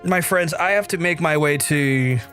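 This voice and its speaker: A man streaming a game, chatting casually to viewers, swearing often and jumping high in pitch when amazed. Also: normal speed, fairly bright tone. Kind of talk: casual gaming livestream chat. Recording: faint background music.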